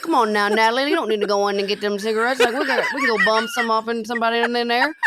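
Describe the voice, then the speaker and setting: A woman's voice: a little high, fairly even intonation, rapid-fire, background noise, voice pushed up, lightly acted. A woman doing a whiny drawling young man. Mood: coaxing. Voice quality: drawling, pleading. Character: whiny young man begging not to be left.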